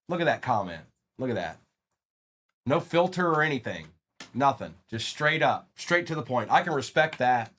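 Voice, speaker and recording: A man hosting a live trading card break stream, calling out each card and chatting casually with viewers. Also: mid-range voice. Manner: animated, calls out cards while chatting with viewers.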